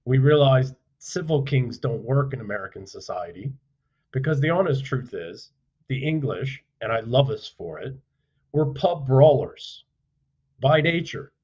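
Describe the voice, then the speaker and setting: A man speaking as a podcast guest, telling stories bluntly and forcefully, with profanity and rhetorical questions. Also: mid-range voice, lively intonation, unhurried, slightly rough, lo-fi sound. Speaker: podcast guest, author and former soldier. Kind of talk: forceful conversational storytelling.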